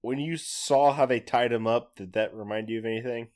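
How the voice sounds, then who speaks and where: A man's voice: mid-range voice, steady tone, fairly quick, a little mellow. A man co-hosting a casual TV recap podcast, making dry joking asides. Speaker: podcast co-host.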